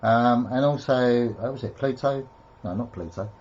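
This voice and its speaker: A man's voice: mid-range voice, moderate pace, a little mellow, dull audio. A man co-hosting a casual live stream, telling rambling stories and laughing at himself. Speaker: co-host.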